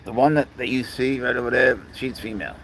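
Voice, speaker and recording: A man's voice: mid-range voice, brisk, vocal fry, fairly bright tone, slight background noise, rough recording. A man hosting a casual livestream, rambling as he talks to his cats and answers viewers' chat. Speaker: livestream host.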